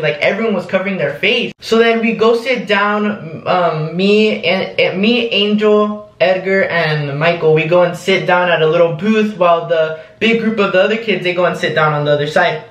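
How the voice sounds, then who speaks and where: A man's voice: high voice, normal speed, few pauses, fairly bright tone, reverberant, poor audio. A young man recounting a story in a rambling, casual vlog, full of "like" and "um". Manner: rambling, lots of "like" and "um". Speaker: vlogger.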